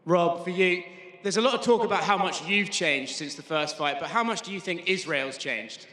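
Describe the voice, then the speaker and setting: A man's voice: high voice, moderate pace, pushed and bright, reverberant. A man asking questions as a reporter at a press conference, joking and teasing.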